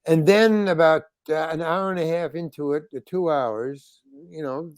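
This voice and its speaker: An older man, a guest on an interview show, telling a long anecdote in an animated, rambling way and acting out the lines of the people in it. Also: on the high side, unhurried, no echo. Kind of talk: storytelling anecdote.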